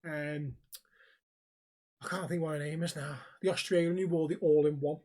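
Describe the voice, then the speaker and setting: A man co-hosting a podcast, telling a story in casual chat, animated and swearing freely. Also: a little high, moderate pace. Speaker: podcast co-host.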